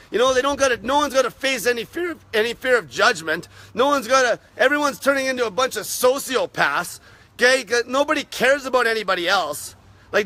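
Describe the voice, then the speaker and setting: Profane high-voiced man ranting hard. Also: pushed and bright. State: voice getting raspy from talking. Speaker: fasting channel host. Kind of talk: ranting live stream.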